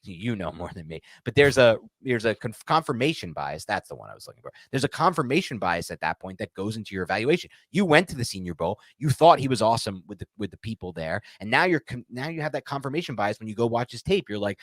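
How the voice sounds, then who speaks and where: A man's voice: mid-range voice, very animated, quick pace, no room sound. A man co-hosting a sports podcast, talking frankly and animatedly and acting out quotes. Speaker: podcast co-host. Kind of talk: casual sports chat.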